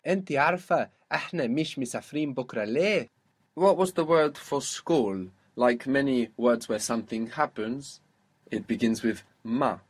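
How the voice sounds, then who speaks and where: A man leads a spoken language lesson with a patient, encouraging manner. His voice has a slight husky edge at an ordinary middle pitch. He asks questions, waits for answers and repeats phrases slowly. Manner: patient, prompting questions, slow model phrases. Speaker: language teacher.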